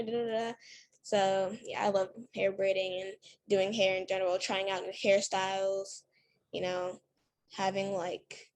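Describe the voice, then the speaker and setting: A teenage girl chats easily in an interview, filling her answers with casual fillers. Her voice sits at a middle pitch for a woman, and faint background noise hums under the recording. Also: a little mellow. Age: teens. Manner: chatty, many fillers like "like" and "you know". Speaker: interview guest.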